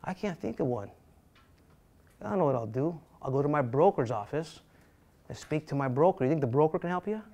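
A fairly high-pitched, brisk middle-aged man delivers an animated real estate lecture, broken up by long pauses. He gets dramatic impersonating panicked agents and keeps joking with the students.

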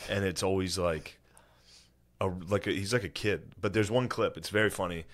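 A young man co-hosting a casual podcast, excitable, with sudden loud high-pitched bursts when telling stories. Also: normal speed. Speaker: podcast co-host, comedian.

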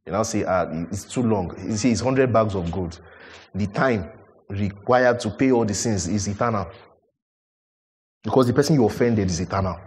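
A man preaching a sermon, animated, building to emphatic peaks and questioning his listeners. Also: lowish voice, moderate pace.

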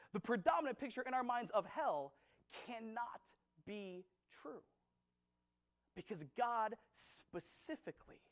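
A man's voice: high voice, rough recording. A man preaching a sermon as pastor, conversational and emphatic, often repeating himself for stress.

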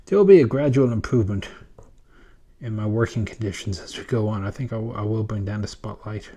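Quiet, tired middle-aged man. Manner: quiet, deliberately low volume. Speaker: host building a model kit. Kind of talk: casual rambling talk while working. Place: home.

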